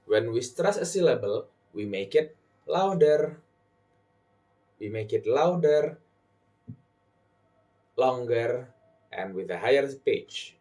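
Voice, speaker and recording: Slow, deliberate young male tutor. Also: expressive. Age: young adult. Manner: slow and deliberate, stresses example words loudly and high. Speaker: English pronunciation tutor. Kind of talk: scripted lesson.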